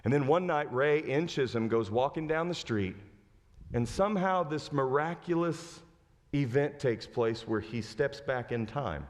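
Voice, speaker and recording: A man preaching a sermon as pastor. He retells a story with lively acted-out lines and asks the congregation direct questions. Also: medium pitch, unhurried, in a large hall. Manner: animated storytelling, acting out quoted lines. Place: church sanctuary.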